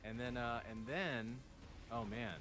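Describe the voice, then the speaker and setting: An American man with a mid-range voice speaks at a measured pace, chatting and joking casually as a guest while a game is played on stream, with game music in the background.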